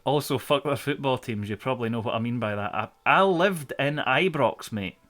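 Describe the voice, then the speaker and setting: A man's voice: mid-range voice, animated, normal speed, a bit bright. A man in his thirties with a Scottish accent from the central belt, telling rambling, sweary stories in casual chat on a live stream. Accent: Scottish, central belt between Glasgow and Edinburgh. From Scotland.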